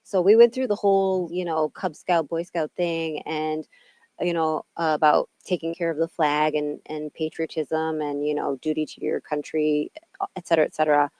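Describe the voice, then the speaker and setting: Brief: middle-aged woman from Illinois, podcast co-host, lowish voice, dry close sound, talks in tangents. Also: little pitch movement, normal speed, a little mellow, no room sound. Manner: chatty, rambling with side tangents. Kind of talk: casual chat.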